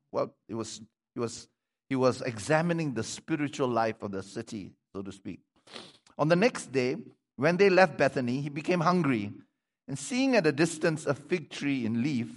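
A pastor preaching a sermon, reading scripture aloud and breaking off to comment to his congregation. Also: fairly high pitch. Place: church sanctuary. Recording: long hall reverb.

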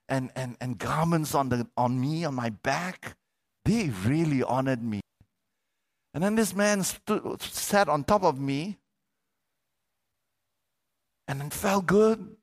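A man voicing a proud, happy little male donkey in a sermon story, boasting slowly. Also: very high voice, a bit bright, clear, resonant tone, pitched above the performer's own voice. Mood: proud, delighted.

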